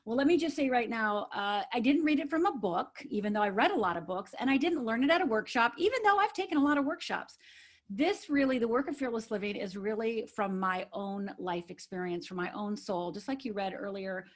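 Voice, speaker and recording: A woman's voice: mid-range voice, a little fast. A woman from Upper Michigan, a life coach guest on a podcast, telling a personal story in an earnest, emphatic way and often checking in with "right?". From Upper Michigan, USA.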